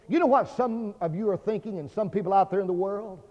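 A Baptist pastor preaching a fervent sermon, swinging between loud declarations and hushed tones. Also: male voice, sits high, lively intonation, brisk, few pauses. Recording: dull lo-fi sermon recording with long hall reverb.

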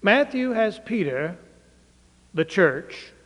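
Male pastor, sermon delivery, high-pitched, unhurried, dramatic loud-soft swings, long hall reverb. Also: sing-song. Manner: dramatic, swings between loud declaiming and hushed low phrases.

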